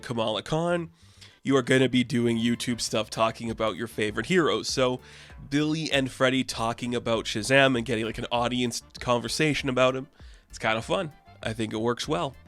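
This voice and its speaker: A man with a medium-pitched, fairly bright voice gives a casual comic book review. He's chatty and enthusiastic, saying "like" constantly.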